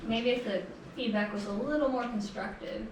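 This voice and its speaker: A woman's voice: on the high side, steady tone, normal speed. A woman speaking as a player in a tabletop role-playing game, frank and questioning. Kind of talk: in-character tabletop chat. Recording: echoey room, distant mic, noisy.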